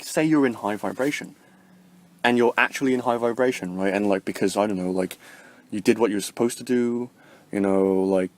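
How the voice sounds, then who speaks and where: A man talking casually to the camera in a vlog, rambling with lots of fillers and acting out little conversations. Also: lowish voice. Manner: rambling, heavy on fillers, acts out little dialogues; swings between lively bursts and soft murmurs. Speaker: vlogger.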